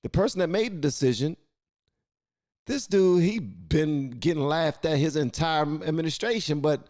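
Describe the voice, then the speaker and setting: A man's voice: fairly high pitch, animated, normal speed, darkish tone, no room sound, clean studio sound. A man hosting a reaction video, talking in a loose, colloquial way and often repeating himself. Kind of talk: casual reaction commentary.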